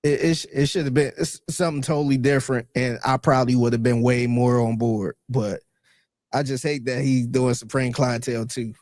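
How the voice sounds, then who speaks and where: A man co-hosting a music podcast, easygoing and quick to laugh, with loose, slangy talk. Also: medium pitch, flat delivery, a little mellow, no echo, clean studio sound. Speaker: podcast co-host. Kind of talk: casual chat.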